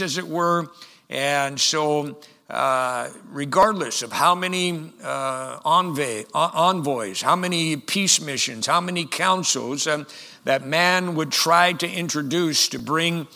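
An older man, a pastor, preaching a sermon slowly, with many pauses and fillers, reading scripture forcefully. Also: a little high, gravelly, big-room sound.

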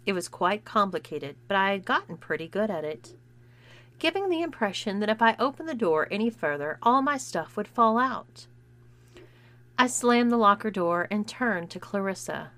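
Woman reading a story, middle pitch, does little voices for the people talking. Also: lively intonation, normal speed, fairly bright tone. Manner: acts out dialogue with shifting voices. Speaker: narrator. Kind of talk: scripted first-person story reading.

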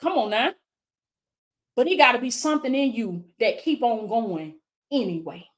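Yo this lady coach hypes her viewers up like a preacher, calls everybody baby, kinda higher voice. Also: lively intonation, moderate pace. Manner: fervent, repeats affirmations, calls viewers baby; preacherly call-and-response with viewers. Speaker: life coach. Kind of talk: live-stream coaching talk.

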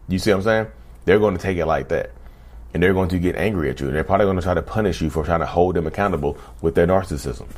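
A man's voice: sits low, animated, fast. A man talking casually to his viewers, often calling them "y'all", in a direct-to-camera video monologue. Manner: conversational, keeps addressing viewers as "y'all". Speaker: vlogger talking about narcissism.

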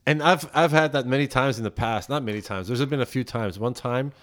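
A man from Belgium, chatting as a podcast guest, tells stories with lively heat and plenty of swearing. His pitch is plain and mid-range. He sounds relaxed but fired up. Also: fairly quick. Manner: animated, profane, heated when retelling. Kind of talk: casual storytelling chat.

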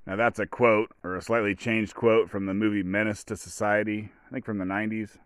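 A man's voice: fairly low pitch, flat delivery, brisk, a bit bright, clear, resonant tone, no echo, clean studio sound. A man hosting a casual solo podcast, rambling as he retells movie scenes and acts out the quotes. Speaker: podcast host.

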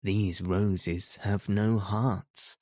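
A man's voice: on the low side, fairly even intonation, drawn-out words, a little mellow, no room sound, clean studio sound. A man doing a cheerful, matter-of-fact little girl.

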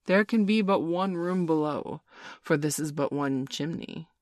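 A woman voicing a menacing, brooding male pirate captain in a storybook reading, speaking slowly and darkly with theatrical force. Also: low voice, no room sound, clean studio sound. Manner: slow, dark, theatrical growl.

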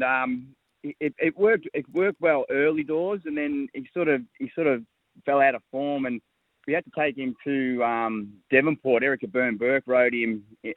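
A man's voice: medium pitch, steady tone, normal speed, no room sound. A man with an Australian accent, a jockey from Tasmania, answering interview questions hesitantly and often repeating words. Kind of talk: phone interview. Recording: tinny dry phone line.

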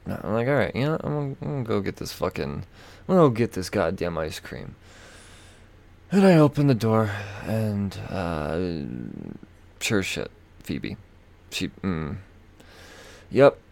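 A man with a gravelly, low voice tells a story on his podcast, swearing constantly and making fun of himself. His pitch swings widely as he rambles along with fillers and asides. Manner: profane, self-mocking, frequent fillers and laughs. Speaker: podcast host.

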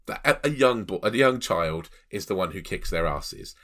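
Animated man reviewing films. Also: sits low, moderate pace. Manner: animated, exclaiming, laughs often. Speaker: podcast co-host. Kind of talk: casual film review chat.

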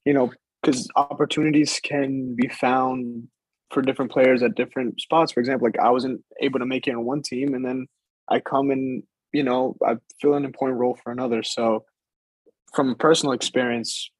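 A man's voice: mid-range voice, little pitch movement, moderate pace, breathy edge, no room sound, poor audio. A young man, a soccer player being interviewed, talking casually and hesitantly, with many fillers as he thinks aloud. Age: young adult.

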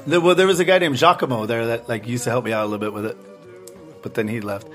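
A man with a Brooklyn accent co-hosting a podcast, telling stories in animated, profane casual banter. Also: mid-range voice, fast talker, faint music behind. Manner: animated, profane storytelling with put-on voices. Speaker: podcast co-host.

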